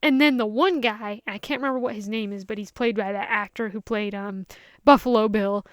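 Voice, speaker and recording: A woman giving a casual, animated film review, ranting and acting out characters' lines as she goes. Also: mid-range voice, a little fast, dry recording, studio quality. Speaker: movie reviewer.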